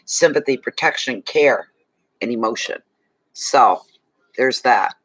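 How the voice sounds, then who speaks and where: A man's voice: medium pitch, expressive, slow, fairly bright tone, dry recording, low-quality recording. A man giving a casual monthly tarot reading to his viewers, chatty and rambling, with many asides and restarts, tired and yawning. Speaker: tarot reader.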